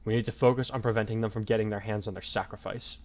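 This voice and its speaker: A man's voice: on the low side, steady tone, fast, close to an everyday voice. A man voicing a cocky, scornful young winged warrior who talks impatiently. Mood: stern. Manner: sneering, impatient.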